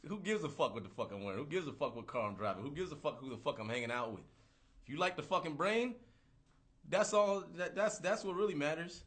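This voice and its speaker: A man hosting a livestream, ranting in a casual, profane, animated way and repeating himself. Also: fairly high pitch, quick pace. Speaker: livestream host.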